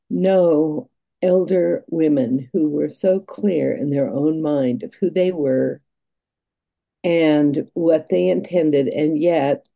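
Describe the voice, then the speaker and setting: A woman guest telling stories and reflecting, in an earnest, halting way with restarts. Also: sits low, vocal fry, dark tone, lo-fi sound. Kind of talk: reflective storytelling.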